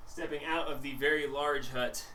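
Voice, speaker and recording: A man's voice: a little high, steady tone, normal speed, bright, forceful tone. A man narrating a tabletop game as game master in a loose, rambling way. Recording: echoey room, distant mic, faint noise.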